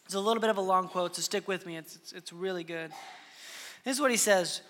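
A man's voice: sits high, quick pace, sharp tone, long reverb tail. A man in his thirties preaching a sermon earnestly, with frequent restarts and sudden drops to a whisper. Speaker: pastor.

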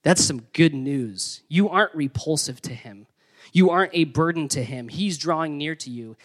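A young man preaching a sermon in an energetic, conversational way with playful emphasis. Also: fairly high pitch, moderate pace. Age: young adult. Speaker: pastor.

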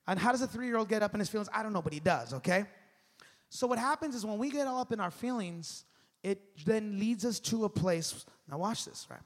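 A man in his thirties preaching a sermon as pastor, animated and conversational, calling on the congregation to respond. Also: high voice, brisk. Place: large church hall. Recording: long hall reverb.

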